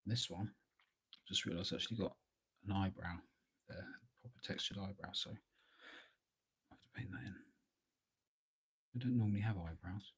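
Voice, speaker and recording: Low husky man chatting while painting. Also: brisk. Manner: relaxed, rambling, thinking aloud with many fillers. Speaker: miniature painting streamer. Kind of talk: casual live painting commentary. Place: at a hobby desk at home.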